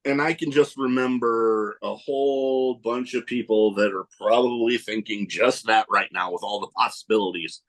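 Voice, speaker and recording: A man co-hosting a casual podcast chat, animated and swearing freely, a little out of breath. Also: lowish voice. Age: adult with nieces and nephew. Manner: animated, swearing, quick asides. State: a little winded. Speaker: podcast co-host.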